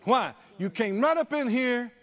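Man, preacher, sermon; high voice, slow deliberate pace, call-and-response style, lo-fi recording. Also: expressive, crowd noise. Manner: rhythmic repetition, rhetorical questions, call-and-response with congregation.

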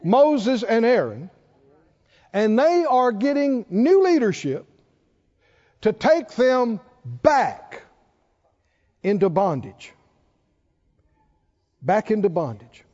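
A male preacher giving an animated sermon, reading scripture aloud and acting out the quotes. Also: sits high, slow pace, long pauses. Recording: dull recording in a reverberant hall.

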